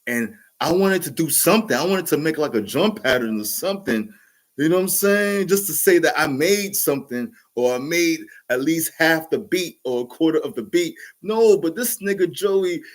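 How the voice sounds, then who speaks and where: A man in his forties with a New York accent, telling a casual, rambling story with frequent restarts and fillers. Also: medium pitch. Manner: rambling, laughs often, many restarts and fillers. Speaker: podcast host telling a story.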